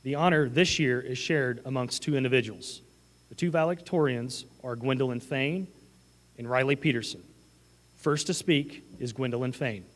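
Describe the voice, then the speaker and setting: A man with a mid-range voice announces the next speakers at a graduation in a formal, measured way. His voice rings through the long echo of a school gym. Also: mid-range voice. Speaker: ceremony announcer.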